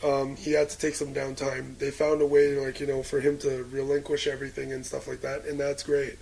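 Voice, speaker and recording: A man's voice: mid-range voice, monotone, brisk, vocal fry, darkish tone, a little hiss or hum, rough recording. A man co-hosting a casual wrestling podcast, cracking jokes and swearing casually. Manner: wisecracking, casual profanity. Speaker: podcast co-host.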